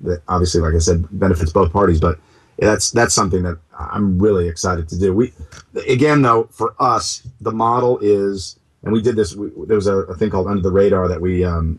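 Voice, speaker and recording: A man being interviewed as a company co-founder, talking in an animated, jokey way. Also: low voice, slightly rough. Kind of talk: casual interview.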